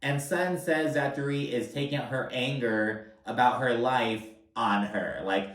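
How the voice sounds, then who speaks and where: A young man gives a casual, chatty reality-TV recap, full of filler words and swearing. His voice is medium-pitched, a bit bright and a little slow. The mic is distant, so the sound is roomy and he's a bit off-mic.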